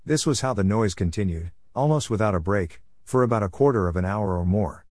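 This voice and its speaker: A man reading a ghost story aloud in a measured, solemn narration style. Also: fairly low pitch, expressive, a little mellow, no echo. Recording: dry close recording.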